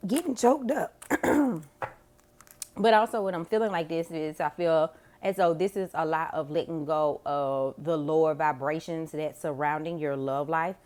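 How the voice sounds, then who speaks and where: A woman with a somewhat low voice delivers a tarot reading to her viewers. She talks in a loose, chatty way, full of slang and casual cursing. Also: steady tone, normal speed, few pauses, a little mellow, smooth. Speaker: tarot reader.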